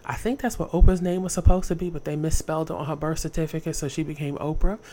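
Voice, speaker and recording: Woman comic storyteller, low and mellow, slangy, faint noise behind. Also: fast talker. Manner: casual, slangy, animated, putting on voices.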